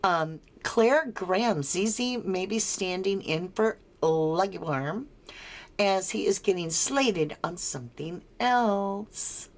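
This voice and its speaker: Woman, American accent, livestream host, slow easygoing delivery, reads and answers chat, chuckles often. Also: medium pitch, expressive. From United States. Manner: reads viewer comments aloud and answers them, chuckling often. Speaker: true crime livestream host.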